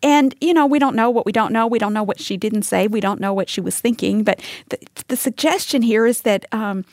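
A woman's voice: a little high, fairly quick, dry recording, clean studio sound. A woman giving a conversational Bible teaching to women listening, earnest and direct, asking them questions. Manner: earnest, talks straight to listeners with rhetorical questions.

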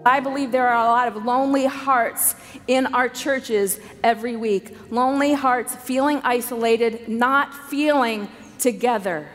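A woman's voice: on the high side, measured pace, a bit bright, faint music behind. A woman speaker preaching an earnest, story-filled sermon to a women's conference, with emphatic repetition. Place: large conference hall. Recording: live hall recording with long reverb.

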